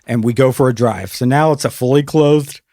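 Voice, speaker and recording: A man's voice: medium pitch, fairly quick, mellow, dry recording, clean studio sound. A man hosting a podcast, telling an awkward story in a casual, self-mocking way and laughing easily. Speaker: podcast host.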